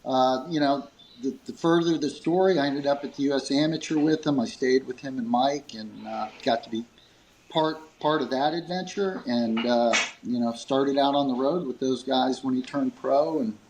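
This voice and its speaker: A man's voice: moderate pace, a little hiss or hum, low-quality recording. A man who runs a grip company, telling a long story in an interview, acting out quoted lines and chuckling between fillers. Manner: animated, acts out quoted dialogue with pitch jumps.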